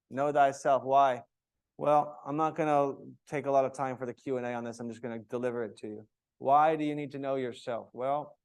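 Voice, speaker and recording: A man teaching a yoga teacher training, lecturing with lively, varied delivery and cueing poses in a sing-song way. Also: a little high, clean tone. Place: yoga studio.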